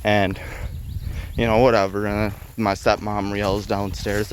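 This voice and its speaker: Young guy, lower voice, foul-mouthed, laughing storyteller; noisy background. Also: flat delivery, measured pace. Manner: heavy swearing, laughs between lines. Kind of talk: casual spoken storytelling.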